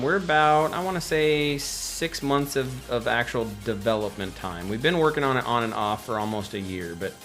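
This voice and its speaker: A man's voice: mid-range voice, a bit bright. A man casually chatting on a livestream while building a game, rambling and answering viewer questions. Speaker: game developer streaming live.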